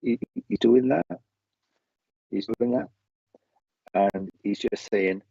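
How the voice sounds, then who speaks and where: Male medium, low husky voice, dry dull stream sound; chatty, halting delivery. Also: animated, warm tone, no room sound. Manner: chatty, laughing, stumbling restarts, relays spirit messages. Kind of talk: live mediumship reading.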